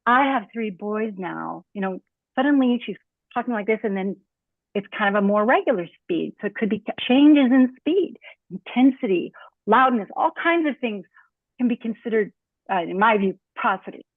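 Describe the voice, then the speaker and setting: A woman's voice: on the high side, animated, moderate pace, no echo. Woman giving a talk over a tinny call. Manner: conversational, many fillers, acts out spoken examples. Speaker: panelist speaking as a designer. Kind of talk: online talk on speech design. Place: home, on a video call. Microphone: computer mic on a video call. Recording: tinny phone-like video call audio.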